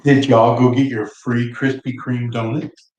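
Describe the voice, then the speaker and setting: A man's voice: mid-range voice, flat delivery, measured pace, darkish tone, muffled recording. A playful man chatting on a casual stream, drawling through his stories. His voice rings in an echoey room, with a faint hiss underneath. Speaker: co-host. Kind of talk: casual chat.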